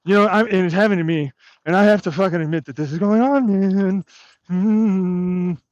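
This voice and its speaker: A man's voice: sits high, moderate pace, a little mellow, dry recording. A man vlogging outdoors while walking his dog, ranting in an agitated, profane way with bitter muttering. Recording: dull lo-fi dry sound.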